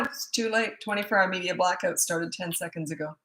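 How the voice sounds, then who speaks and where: Lively woman coach in an echoey room. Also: on the low side, a little fast. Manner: lively, acts out quoted parents and kids in changed voices. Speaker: parenting coach. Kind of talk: casual live Q&A talk.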